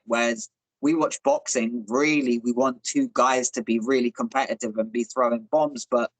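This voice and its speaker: A man co-hosting a boxing podcast talks the fight through in a measured, thoughtful way. His voice sits at an average pitch for a man. The recording is dry, with almost no room sound. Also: fairly bright tone, no room sound, rough recording. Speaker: podcast co-host. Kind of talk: casual boxing chat.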